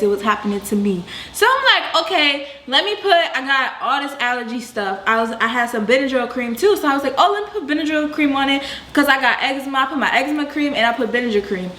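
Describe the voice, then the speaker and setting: A young woman tells a storytime vlog in a high, bright voice. She talks in an animated, slangy, exclamatory way. Her voice rings in an echoey room. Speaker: vlogger.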